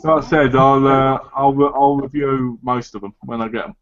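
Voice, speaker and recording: A man's voice: medium pitch, steady tone, normal speed, fairly bright tone, highs cut off. A man hosting a casual live chat over an online call, easygoing and brief. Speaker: host of a live chat show.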